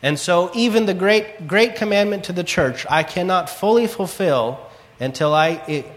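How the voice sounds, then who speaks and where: A man's voice: sits high, expressive, moderate pace. Earnest male preacher in a reverberant hall. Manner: earnest storytelling, quotes scripture and his own prayers. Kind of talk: sermon.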